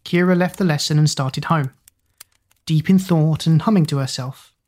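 A woman narrating a storybook in an even, measured reading voice. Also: low-pitched.

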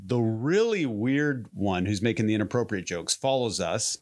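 Animated man telling a story. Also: lowish voice, normal speed. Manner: rambling, animated anecdote with many restarts. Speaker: podcast co-host. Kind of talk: casual storytelling.

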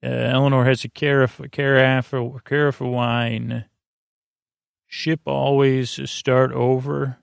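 A man hosting a sleep podcast, giving a meandering, low-key, halting recap of a TV episode. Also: little pitch movement, gravelly, clean tone, no echo, clean studio sound. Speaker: podcast host. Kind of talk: rambling bedtime episode recap.

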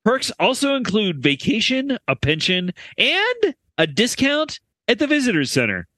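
A man's voice: sits high, a little slow, no echo. A man co-hosting a comedy podcast, reading out a news story with quoted passages in casual chat. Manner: animated, reads quotes from an article.

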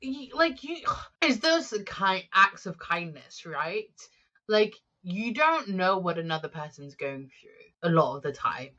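A woman's voice: fairly low pitch, very animated, measured pace, bright, forceful tone, dull audio. A young adult woman guest on a podcast, talking frankly and reflectively about her life as a single mum. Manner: frank, reflective, swears casually. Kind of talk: candid conversational storytelling.

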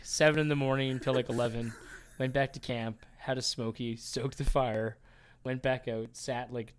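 Rambling, profane man telling a story. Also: medium pitch. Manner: rambling, filler-heavy, profane. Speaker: podcast co-host. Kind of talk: casual chat, storytelling.

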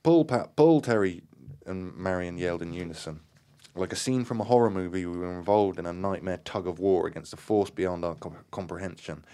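A man reading a supernatural story aloud, breaking off to comment and acting out shouted lines. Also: sits low, fairly even intonation, fairly quick, hardly any pauses, clean tone. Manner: acts out shouted dialogue, many fillers and restarts.

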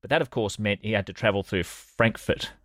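A man's voice: on the low side, a little fast, dry recording. A man with an Australian accent, co-hosting a podcast and telling a story with dry, sardonic humour and casual swearing. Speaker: podcast co-host. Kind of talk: comedic storytelling chat.

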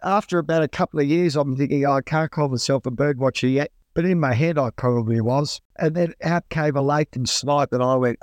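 A middle-aged Australian man, a guest telling stories in a relaxed, colloquial way and acting out his own exclamations. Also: on the high side, a little fast, hardly any pauses, dry recording. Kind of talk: casual storytelling.

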